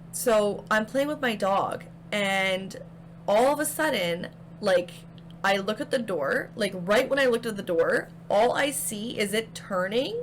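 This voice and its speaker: A woman's voice: mid-range voice, a little hiss or hum. A young woman casually recounting her haunted house experiences to camera, chatty and full of fillers. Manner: chatty, filler-heavy, animated retelling. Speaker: paranormal storyteller.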